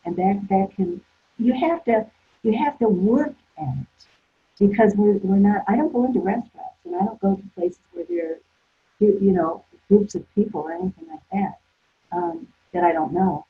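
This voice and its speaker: A woman therapist, appearing as a guest, tells stories conversationally in an expressive mid-range voice at normal speed, rambling with lots of restarts and fillers. The line sounds tinny and phone-like, with slight background noise.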